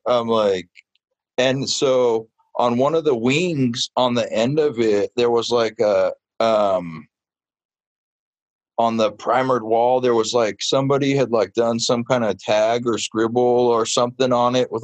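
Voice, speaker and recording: A man's voice: mid-range voice, a little slow, no room sound, muffled recording. Brief: male interviewee, casual storyteller, mid-range voice, close and dry. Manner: animated, chatty, many fillers. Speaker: muralist interviewee.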